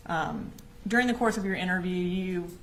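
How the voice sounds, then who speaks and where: A woman lawyer questioning a witness in court in a measured, prompting way. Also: lowish voice, a little hiss or hum. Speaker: prosecutor.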